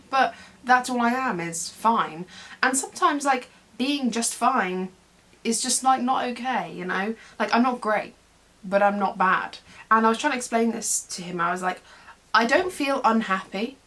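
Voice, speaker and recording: A woman's voice: fairly high pitch, measured pace, fairly bright tone. Young woman, beauty vlogger, casual makeup chat, rambling, self-deprecating. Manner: chatty, rambling, self-deprecating, lots of fillers. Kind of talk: casual get-ready-with-me chat.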